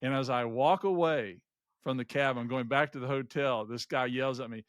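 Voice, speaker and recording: A man's voice: medium pitch, moderate pace, clean tone, dry recording, studio quality. A middle-aged man co-hosting a podcast, telling a personal travel anecdote in casual chat, with many restarts along the way. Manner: rambling anecdotes with frequent restarts and lively quoted voices. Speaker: podcast co-host.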